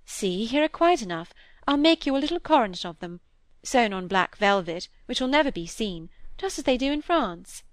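A woman voicing a lively, careless young woman who talks briskly and dismissively in a storybook reading. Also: on the high side, no echo. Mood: breezy.

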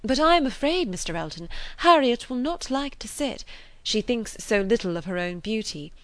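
Woman reader voicing an eager, self-assured young lady in a storybook reading, lifts her pitch, dry sound. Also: lively intonation, normal speed, no echo, natural voice.

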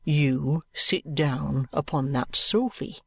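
Male reader as a calm, patronising detective: deliberate and firm, fairly high voice, dry recording. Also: creaky, slightly rough, dry recording, exaggerated voice. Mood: cool. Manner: cool, deliberate and coaxing.

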